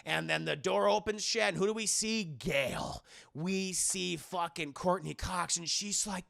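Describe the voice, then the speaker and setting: Gravelly, animated male film streamer. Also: sits high, takes it slowly. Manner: animated, swearing, acts out scenes. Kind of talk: profane scene-by-scene film recap for live chat.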